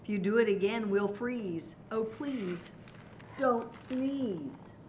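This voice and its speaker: A woman's voice: fairly high pitch, slow, darkish tone, a little hiss or hum. An older woman voicing worried fish in a storybook, pleading politely.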